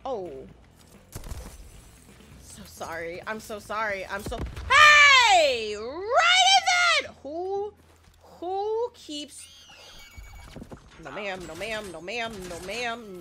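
A woman doing let's play commentary, excitable, panicking and swearing, often repeating herself. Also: on the high side, slight background noise. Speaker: gaming YouTuber.

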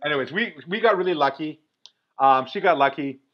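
Man, Canadian accent, middle-aged, high voice, animated excited storytelling, dull lo-fi recording. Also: brisk. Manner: energetic, animated, acts out voices in his stories. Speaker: podcast guest.

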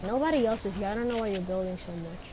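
A woman chatting casually while playing an online game with a teammate, excitable and often pleading or shouting. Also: mid-range voice, quick pace. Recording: noisy game audio behind.

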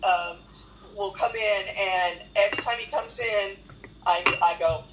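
A woman's voice: medium pitch, a little slow. A woman speaking as a guest on a casual livestream chat, upbeat and earnest, laughing readily. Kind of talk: casual live-stream chat. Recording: echoey room with background noise.

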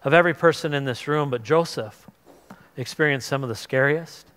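A man pastor giving a conversational sermon, animated and acting out the voices of people in the story. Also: medium pitch, fairly quick, clear, resonant tone. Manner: conversational, animated, acts out voices of biblical figures. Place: church sanctuary. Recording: long reverb of a church hall.

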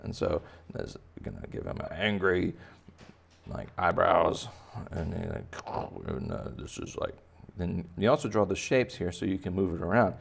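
Low gravelly man teaching kids to draw. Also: animated, moderate pace, slight background noise. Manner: playful, rambling, many fillers. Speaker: drawing teacher. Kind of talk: casual drawing tutorial for kids.

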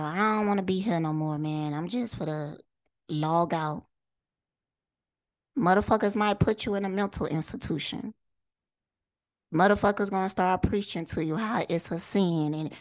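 A woman's voice: lowish voice, no echo. A woman vlogger delivering a heated, profane monologue straight to camera, firing rhetorical questions and repeating lines for emphasis. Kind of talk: impassioned direct-to-camera monologue.

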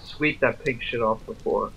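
A young man co-commentating a game in casual chat, laid-back and teasing, with halting filler-heavy speech. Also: medium pitch, lo-fi sound, noisy background. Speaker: co-commentator watching. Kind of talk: casual let's-play commentary.

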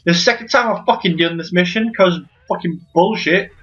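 A man's voice: high-pitched, normal speed, a bit bright. A man doing let's play commentary, swearing constantly, exasperated and sarcastic toward the game. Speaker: gameplay commentator. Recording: dull lo-fi home recording.

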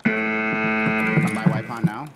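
A man's voice: fairly low pitch, completely flat delivery, extremely slow. Laid-back teasing man on a game call. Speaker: teammate in a game. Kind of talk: casual gaming chat. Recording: loud music behind the voice.

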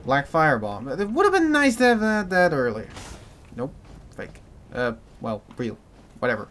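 Excitable man yelling through a game. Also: mid-range voice, moderate pace, slight background noise. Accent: mix of American and British. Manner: excitable, yelps and shouts in panic, then mutters dryly. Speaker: gaming commentator. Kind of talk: commented game playthrough.

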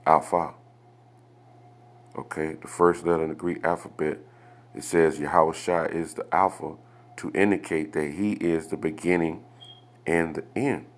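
Very deep-voiced man teaching scripture. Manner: asks rhetorical questions, adds "okay?" after points; reads scripture aloud and explains it. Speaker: Bible teacher. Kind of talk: Bible study teaching.

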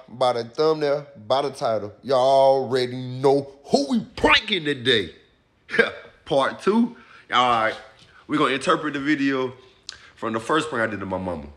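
A young man hosting a casual vlog, talking to his viewers in an excited, slangy way from his car. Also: mid-range voice. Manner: hyped, slangy, addresses viewers as y'all. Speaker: vlogger host. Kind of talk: casual vlog talk to camera. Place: in a parked car.

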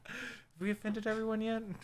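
A man's voice: high voice, little pitch movement, a little fast, a little hiss or hum. A man hosting a casual reaction video, giggly and crude in his chat. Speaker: reaction channel host.

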